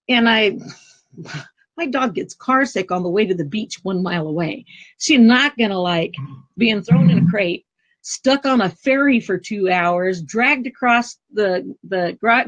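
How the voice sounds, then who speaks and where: A middle-aged woman guest speaking earnestly about prayer and intention, telling personal stories in a lively way over a video call. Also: mid-range voice. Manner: earnest, animated storytelling with lively quoted voices. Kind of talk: casual storytelling interview. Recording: dull lo-fi call audio.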